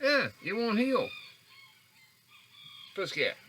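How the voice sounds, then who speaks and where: High, lively-voiced rambling man. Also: takes it slowly, a little hiss or hum, low-quality recording. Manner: meandering, stammering, frequent restarts and self-corrections. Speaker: vlogger. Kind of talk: rambling monologue. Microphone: handheld recorder.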